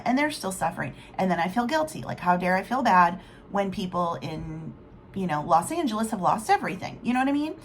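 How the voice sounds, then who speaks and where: Middle-aged woman vlogger, candid and rambling, mid-pitched voice, faint background hum. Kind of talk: casual rambling vlog talk.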